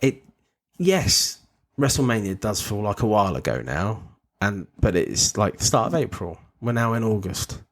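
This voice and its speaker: A podcast co-host with a fairly low, sing-song voice chats loosely at normal speed. He laughs often and keeps trailing off into restarts.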